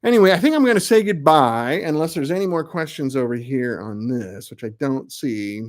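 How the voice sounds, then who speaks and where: His mid-range voice is animated and moves at a normal speed. He's a middle-aged amp builder hosting a live web show, chatting casually, rambling, and ribbing himself now and then.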